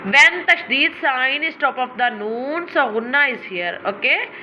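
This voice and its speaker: A woman teaching children Quran recitation in English with a South Asian accent, chanting verses slowly and repeating her instructions for emphasis. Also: sits high, expressive, highs cut off, background noise. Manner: slow drawn-out recitation between quick explanations.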